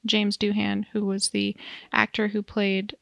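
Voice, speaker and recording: Woman co-host, casual and chatty, laughs at her own tangents, vocal fry, dry recording. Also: mid-range voice, completely flat delivery, unhurried, a bit bright, dry recording. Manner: chatty, giggly, rambling asides. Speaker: podcast co-host. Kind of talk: casual chat.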